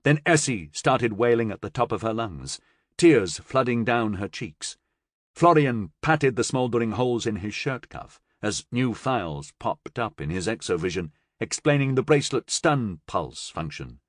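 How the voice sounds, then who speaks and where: A man narrating a science fiction audiobook with expressive, dramatic storytelling on a close mic. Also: mid-range voice, normal speed, no echo. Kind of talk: scripted narration.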